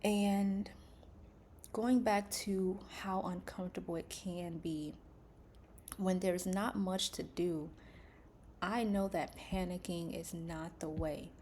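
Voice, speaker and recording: A woman talks slowly and gently, as if soothing a friend, her voice sitting a little low. Now and then she drops into soft breathy asides. A faint hum of room noise sits behind her. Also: fairly even intonation. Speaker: faith and wellness vlogger. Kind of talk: calm reflective talk to camera.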